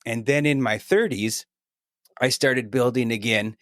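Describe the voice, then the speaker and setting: A middle-aged man in an easygoing podcast chat, talking at an average pitch with lively energy. He keeps checking in with his listener with a quick "right?". His voice sits close and dry, with no room around it. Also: no echo. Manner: energetic, chatty, often adds "right?" to his points. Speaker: podcast guest. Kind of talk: casual podcast conversation.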